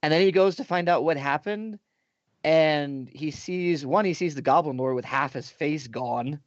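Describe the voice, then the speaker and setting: Male co-host, casual livestream chatter, lively storyteller; dry close lo-fi mic. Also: a little high, normal speed, no echo. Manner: animated retelling, often acting out exaggerated quotes. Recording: dull lo-fi dry sound.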